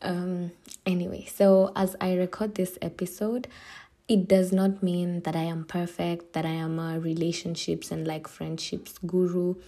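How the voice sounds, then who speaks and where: A young woman hosting a casual solo podcast, chatty and emotional and quick to laugh. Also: on the low side, flat delivery, warm tone. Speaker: podcast host.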